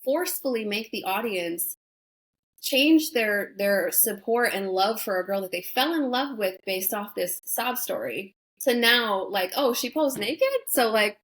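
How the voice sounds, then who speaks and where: Guesting on an interview show, a young adult woman who used to be on reality TV gives blunt, candid, emphatic answers full of swearing and "like" and "you know" fillers. She's animated but a little slow, with a medium-pitched, slightly bright voice, captured in a low-quality recording.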